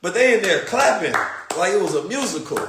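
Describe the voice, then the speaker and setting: A man's voice: high voice, a little fast, noisy background. A man from the United States hosting a show and telling a story in casual, slangy talk, acting out the people in it. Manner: animated, slangy, acts out quoted voices. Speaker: podcast host. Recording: roomy echo.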